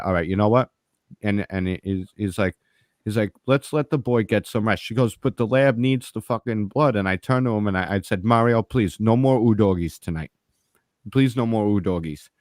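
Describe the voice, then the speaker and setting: A man with a fairly low voice spins a story in casual podcast chat. He swears freely and acts out each exchange of dialogue with lively energy. The sound is dry and close, with no room around it. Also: no echo. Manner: profane, animated, acts out dialogue. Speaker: podcast co-host.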